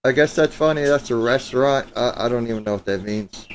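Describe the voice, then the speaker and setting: A man in a middle-pitched voice, chatting loosely on a guitar live stream. His talk is joking and a bit profane. Faint noise sits under the streaming mic. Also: brisk. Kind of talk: casual live-stream chat. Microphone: streaming setup mic.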